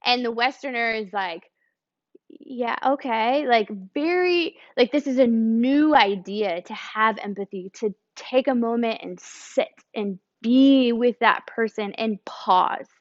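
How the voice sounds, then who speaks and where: A US church speaker with a fairly high voice talks at a measured pace with few pauses, teaching informally and conversationally. She illustrates her points with a drawn picture and acted examples, captured in a dry, slightly dull lo-fi recording.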